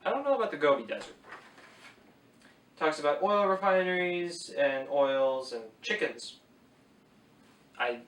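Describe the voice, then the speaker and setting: A man's voice: fairly high pitch, fairly bright tone. Chatty man reviewing a book. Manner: chatty, opinionated, with wry asides. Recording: echoey room, voice a bit distant from the mic.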